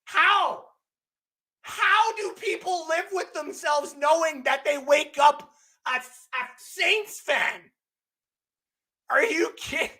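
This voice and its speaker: Loud ranting young man, bright tone. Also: very high voice. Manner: loud, profane, ranting, often shouting. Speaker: host. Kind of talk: live-stream sports rant.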